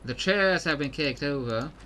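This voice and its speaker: A man's voice: a little high, expressive, normal speed, bright, forceful tone, slight background noise. A man voicing a confident woman pirate captain with a put-on Southern belle accent, reading game dialogue aloud with determination. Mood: determined.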